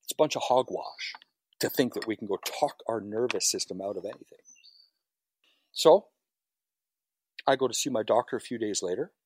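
A man's voice: fairly low pitch, expressive, moderate pace, long pauses, a little mellow, slightly rough. A firefighter being interviewed, telling his story in a raw, emotional way with frequent swearing. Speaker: firefighter guest. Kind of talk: personal story on a podcast.

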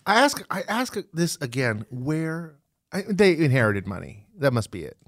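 A man co-hosting a podcast in casual chat, making wry, deadpan quips. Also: on the high side, normal speed, no echo, studio quality. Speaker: podcast co-host.

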